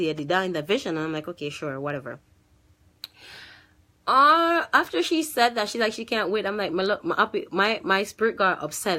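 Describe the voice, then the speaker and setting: Low-voiced woman telling a church testimony. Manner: animated storytelling with many restarts and fillers. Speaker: church choir member sharing a testimony. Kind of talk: casual personal testimony.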